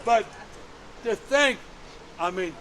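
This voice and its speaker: A man's voice: high voice, expressive, slow, a crowd in the background, low-quality recording. A man in his nineties giving a museum tour, telling folksy stories in a plain-spoken, chuckling way. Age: 90s. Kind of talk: storytelling on a guided tour.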